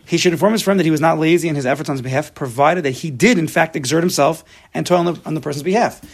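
A fairly high-voiced man with a gravelly, husky edge, teaching a religious text class. He speaks emphatically and slips into the voices of imagined people to make his points. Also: racing. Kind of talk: Torah class lecture, explaining a text to students.

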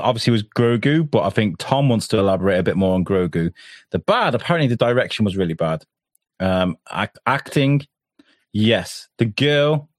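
Brief: male co-host, casual chat, lively pitch, dry close sound. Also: no echo. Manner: animated, swearing, acts out scenes in loud high voices. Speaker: podcast co-host. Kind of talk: casual chat reviewing a TV episode.

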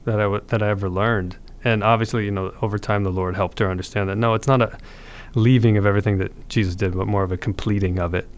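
A man's voice: fairly low pitch, fairly even intonation, fast, hardly any pauses. A man, a podcast guest, telling his conversion story in an earnest, reflective way with frequent restarts.

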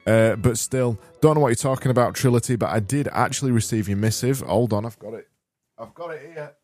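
A man's voice: medium pitch, brisk, darkish tone, faint music behind. A man hosting a podcast, rambling and interrupting himself through jokey banter and a spoof advert. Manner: rambling, self-interrupting, joking. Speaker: podcast host.

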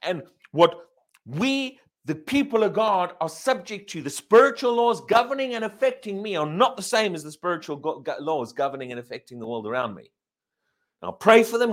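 Male pastor, sermon delivery, emphatic and questioning, higher voice with very lively pitch. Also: normal speed. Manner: emphatic, asks the congregation questions.

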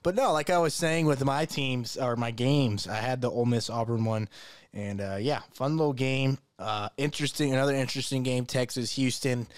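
A man's voice: medium pitch, moderate pace, smooth, no echo. A man co-hosting a casual sports podcast in a laid-back way, laughing often and calling people "man" and "bro.". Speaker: podcast co-host.

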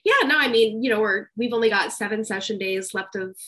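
A woman's voice: mid-range voice, a little fast, sharp tone. A woman co-hosting a casual podcast chat, blunt and matter-of-fact while sick with covid. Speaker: podcast co-host and mother.

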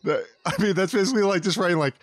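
A podcast co-host chats casually and mockingly about a movie in a comedic review, laughing often. His voice sits high and he talks at a racing pace, recorded dry with studio quality.

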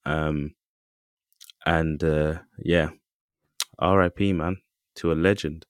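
Deep-voiced man chatting casually. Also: fairly even intonation, takes it slowly, dry recording, clean studio sound. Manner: loose storytelling, full of fillers and asides. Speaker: podcast co-host. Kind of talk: casual chat.

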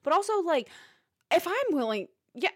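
A woman's voice: extremely high pitch, normal speed. A young woman co-hosting a book podcast, talking casually with lots of laughter and some swearing. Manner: laughing, expressive, swears freely. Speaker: podcast co-host. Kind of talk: casual chat.

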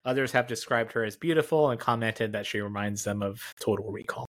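A man's voice: lowish voice, fairly even intonation, a little fast, dry recording. A man co-hosting a film podcast, talking in a laid-back, offhand way and reading bits of articles aloud. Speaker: podcast co-host. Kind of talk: casual film podcast chat.

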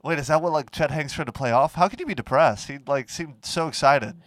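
A man's voice: fairly high pitch, a little fast, no room sound. Laid-back man asking loose questions. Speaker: podcast co-host. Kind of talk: casual chat.

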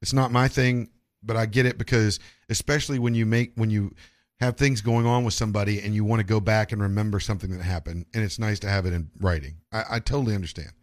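A man's voice: fairly low pitch, steady tone, fast. A man hosting a casual podcast, rambling with frequent restarts and swearing.

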